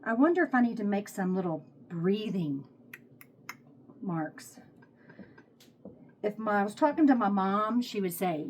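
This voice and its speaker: Texan woman home cook, unhurried rambling kitchen chat, phone on a tripod, faint hiss. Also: medium pitch, expressive, a little mellow. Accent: Texas. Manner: rambling, thinking aloud while working. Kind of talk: casual cooking vlog chat.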